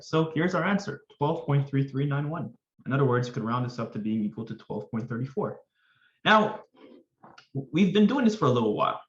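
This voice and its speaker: A man's voice: fairly high pitch, fairly bright tone, reverberant, dull audio. A man tutoring finance in a casual, upbeat way, chatting to viewers with jokey asides. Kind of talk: casual screen-recorded lesson.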